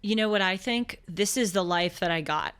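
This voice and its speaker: A young woman with a Boston accent hosting a casual talk show, lively and quick to laugh. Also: mid-range voice, clean tone. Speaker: podcast host. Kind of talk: casual chat.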